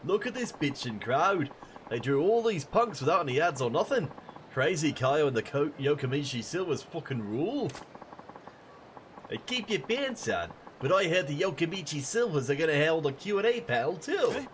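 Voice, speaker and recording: A man voicing an excitable young punk fan of a rock band in a video game. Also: moderate pace, a little hiss or hum. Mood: excited. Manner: gushing, high and excitable.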